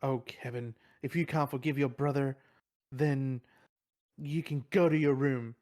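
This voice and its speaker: A man's voice: medium pitch, fairly even intonation, a little slow, darkish tone, natural voice. A man voicing a middle-aged mother who chides in a mildly exasperated way. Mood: chiding.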